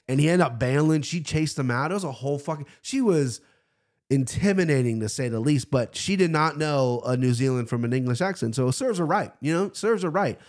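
A man in his thirties hosting a casual sports betting podcast, loose and excitable, swearing freely. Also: fairly high pitch, fairly quick. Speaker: podcast host.

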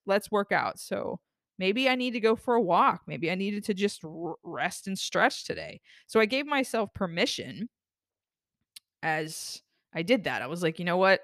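A woman hosting a self-help talk podcast, speaking earnestly in a rambling, expressive way. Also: on the low side, dry recording, clean studio sound. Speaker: podcast host.

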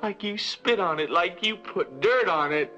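A man's voice: sits high, expressive, a little slow, bright, forceful tone, muffled recording, soft background music, full character voice. A young actor playing a hurt, idealistic teenage boy in a 1960s film drama, pleading and anguished. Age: young adult. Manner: pleading and anguished, words tumbling out.

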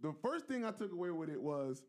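A man's voice: a little high, very animated, fairly quick, a little mellow. A man with a slightly raised voice chatting on a sports podcast. He is easygoing and tells his thoughts like a story. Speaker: podcast co-host. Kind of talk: casual sports chat.

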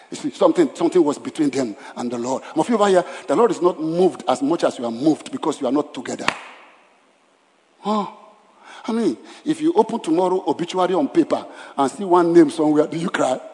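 A man preaching a sermon as pastor, emphatic, swinging between loud declarations and hushed lines. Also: on the high side. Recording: long hall reverb.

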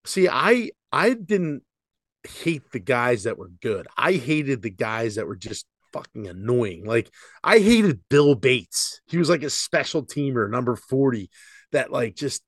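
A man's voice: medium pitch, unhurried, dry recording, clean studio sound. A man co-hosting a casual sports podcast, ranting with plenty of swearing. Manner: animated, profane sports ranting. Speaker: podcast co-host. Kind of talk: casual chat.

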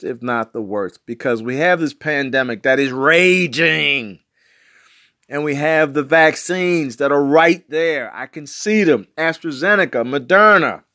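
A man's voice: mid-range voice, bright, forceful tone, no echo, clean studio sound. A man in his sixties from West Baltimore, delivering an emphatic political commentary monologue with repetitive, slangy phrasing. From West Baltimore, USA. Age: 60s.

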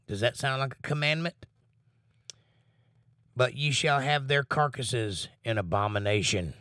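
A man's voice: medium pitch, sharp tone, no echo, studio quality. Emphatic male Bible study teacher. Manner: emphatic, slow deliberate reading with blunt asides. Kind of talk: reading scripture aloud with commentary.

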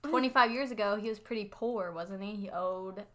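A woman's voice: mid-range voice, normal speed, a bit bright. A woman co-hosting a casual true-crime podcast, reading out case details with tentative asides. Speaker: podcast co-host.

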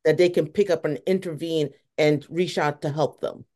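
An interview host asks questions and keeps encouraging the guest to go on. The voice is medium-pitched, with frequent "mm-hmm" and a supportive tone. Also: steady tone, normal speed, dark tone.

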